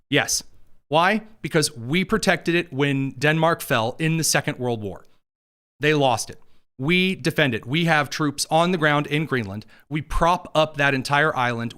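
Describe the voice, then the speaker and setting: Male host, high-pitched, sarcastic combative monologue. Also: fairly bright tone, clean tone. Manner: combative and sarcastic, mocking asides. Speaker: political commentary host. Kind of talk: opinion monologue.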